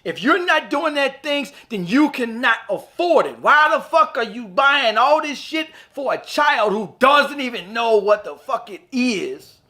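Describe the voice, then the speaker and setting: High-voiced man on a profane rant. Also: expressive, a little slow, hardly any pauses, pushed and bright. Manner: blunt, profane, heated and exasperated. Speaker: father. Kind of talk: ranting monologue to camera.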